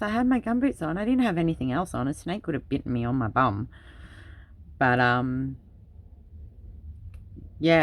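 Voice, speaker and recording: A woman hosting a craft video, telling long rambling childhood stories in a casual chat while she works. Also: very deep voice. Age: adult parent. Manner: rambling anecdotal storytelling. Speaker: craft channel host.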